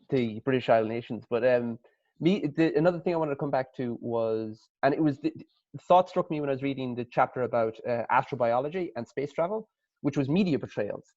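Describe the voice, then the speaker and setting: A man's voice: mid-range voice, brisk, a little mellow, no room sound. An Irish man in a mid-range voice, working through thoughtful, rambling questions and often restarting. The audio is dry and dull, like a lo-fi call line. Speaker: panelist. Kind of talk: casual conversation on a video call.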